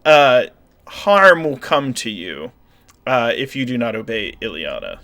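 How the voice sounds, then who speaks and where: A man narrating a tabletop game as game master, explaining rulings in a calm way. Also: mid-range voice, a little slow, dry recording. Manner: calm, explanatory, rules-focused.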